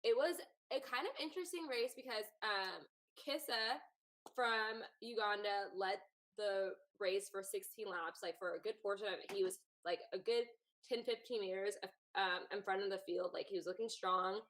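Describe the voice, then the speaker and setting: A woman's voice: mid-range voice, normal speed, a bit bright, low-quality recording. A woman co-hosting a casual live chat who recaps events in a rambling, conversational way. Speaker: co-host.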